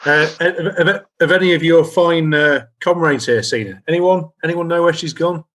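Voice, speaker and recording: Male player, bright tone, polite in-character chat. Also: a little high, normal speed. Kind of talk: in-character tabletop play.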